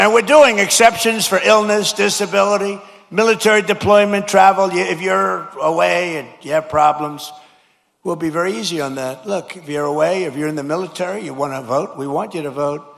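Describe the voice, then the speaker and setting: An older man giving a political rally speech, rambling and repetitive, dropping to murmured asides and rising to shouted slogans. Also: high voice, steady tone, brisk, vocal fry, in a large hall, some chatter behind. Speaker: speaker at a rally. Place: large hall.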